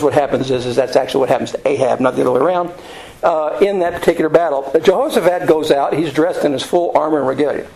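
A man's voice: on the high side, gravelly, a little mellow, poor audio. An American man teaching a casual Bible study, telling the story in a folksy, rambling way with plenty of fillers. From United States.

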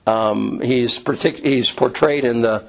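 A man's voice: medium pitch, slow, vocal fry, rough recording. A middle-aged man leading an informal Bible study class, lecturing in a conversational way with frequent fillers and restarts.

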